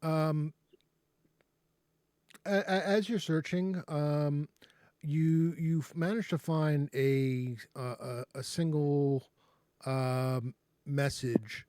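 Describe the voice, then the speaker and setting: A man runs the table as game master, pitching his voice a touch high. He narrates in halting bursts, full of fillers and restarts. The sound is dry, with almost no room around it. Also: fairly even intonation, dark tone, dry recording.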